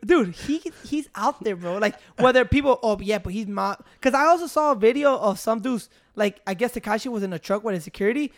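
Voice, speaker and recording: A woman's voice: a little high, expressive, brisk, few pauses. A woman chatting casually on a podcast, blunt and slangy, swearing freely. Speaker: podcast co-host. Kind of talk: casual chat.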